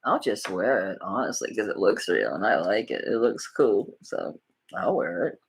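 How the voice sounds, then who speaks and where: In a rumbling low, sing-song voice that's slightly rough, a middle-aged woman with a Southern accent auctions jewelry on a live stream. She talks at a moderate pace, chatting folksily with viewers by name.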